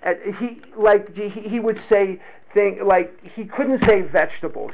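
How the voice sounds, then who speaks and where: A man sharing a candid personal story of recovery, slow and reflective, often repeating his words. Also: sits high, slight background noise. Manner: candid and confessional. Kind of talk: personal testimony to a group. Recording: tinny phone-like recording.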